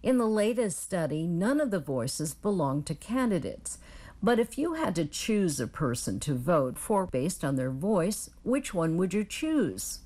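A woman reading a scripted news report in a measured, even delivery. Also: on the low side.

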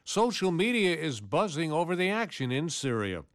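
Smooth, crisp male news anchor. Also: on the high side, very animated, normal speed, no room sound, clean studio sound. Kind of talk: scripted news reading.

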